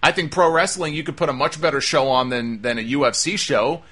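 A man's voice: a little high, fairly quick, bright, forceful tone, breathy edge. A man hosting a talk show, delivering an emphatic, exasperated opinion monologue. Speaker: wrestling talk show host.

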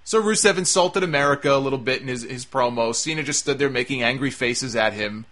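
A man's voice: medium pitch, a little fast, a bit bright. A man giving a casual, sarcastic review of a wrestling show. He sounds exasperated and swears freely.

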